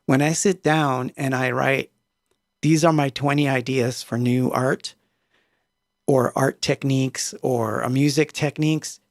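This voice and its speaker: A man's voice: mid-range voice, creaky, no room sound, clean studio sound. A man casually rambling on a livestream as a musician, wandering through his thoughts with lots of fillers and restarts. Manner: meandering, many fillers and restarts.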